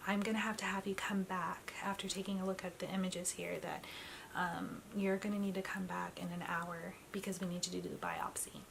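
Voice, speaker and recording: A woman's voice: medium pitch, vocal fry, slight background noise, poor audio. A young woman telling a personal story in a chatty way, full of fillers and quoting others.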